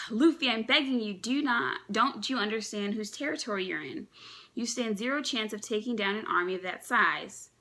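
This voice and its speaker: A woman's voice: medium pitch, normal speed, pushed and bright. A woman reading aloud as a worried male pirate who pleads urgently with a friend. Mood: pleading.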